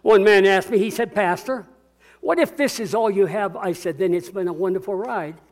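Older male pastor preaching a sermon, high voice. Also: moderate pace. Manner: earnest, rising to call-and-response exhortation.

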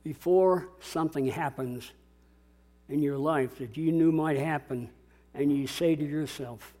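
A man's voice: a little high, a little slow, dark tone. A man preaching a sermon as a pastor, dramatic and calling out to his congregation. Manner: dramatic, call-and-response preaching.

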